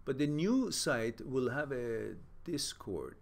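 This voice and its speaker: A man hosting a casual live-stream Q&A, speaking at a middling pitch. He rambles loosely and often restarts his sentences between reflective remarks. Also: very animated, takes it slowly, creaky. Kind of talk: casual live-stream chat, reading viewer comments.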